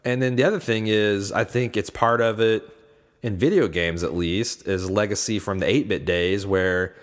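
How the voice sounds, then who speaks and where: A man's voice: lowish voice, normal speed, long reverb tail. A man in casual chat, talking in a rambling way with many fillers and restarts.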